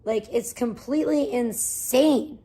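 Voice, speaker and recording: High husky-voiced woman ranting on a livestream. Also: slow pace. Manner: profane, defensive, swings between mutter and loud outbursts. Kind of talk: casual livestream rant.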